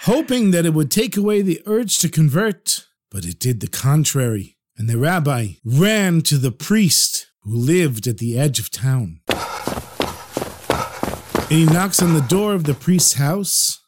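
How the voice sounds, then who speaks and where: A man narrating a story in an animated, expressive way, explaining terms as he goes. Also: a little high, a little slow, noisy background.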